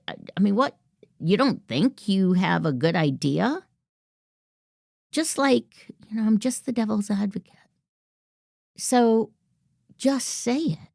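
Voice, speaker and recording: Assertive woman podcast host, gravelly. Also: mid-range voice, warm tone, no echo, studio quality. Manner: assertive, coaching, acts out example phrases. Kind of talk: instructive podcast monologue.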